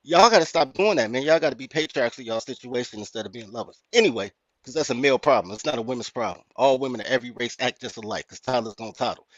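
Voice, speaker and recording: A man with a Chicago accent, hosting a podcast and telling a story in a blunt, profane, animated rant. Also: mid-range voice, fast talker, no room sound. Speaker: podcast host. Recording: dry, muffled lo-fi audio.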